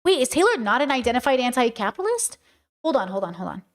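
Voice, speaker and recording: A woman's voice: fairly high pitch, very animated, fast talker. A woman streamer reacting to a clip, talking casually in a heated, swearing, rhetorical way. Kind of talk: casual live-stream commentary.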